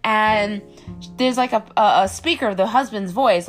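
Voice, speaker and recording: Woman, chatty film reviewer, lively incredulous delivery, rambling asides, faint music bed. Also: measured pace. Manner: incredulous, rambling, heavy use of "like"; acts out characters' lines in squealing high voices. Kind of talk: casual movie review rant.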